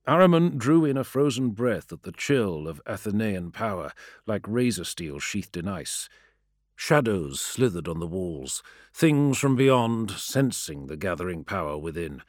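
Low-voiced male fantasy audiobook narrator. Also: sing-song, a little slow, no room sound, clean studio sound.

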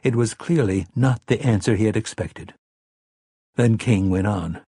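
A man reading an audiobook as narrator, measured and unhurried. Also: on the low side, mellow, husky, dry recording, studio quality. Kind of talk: scripted narration.

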